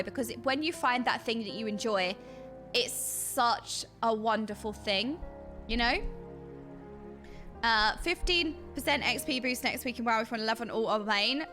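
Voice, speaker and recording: A British woman streaming and chatting casually with her viewers, bubbly and excitable, with a slightly dry throat, talking into a desk mic. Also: on the high side. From Britain. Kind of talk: casual chat with live stream chat.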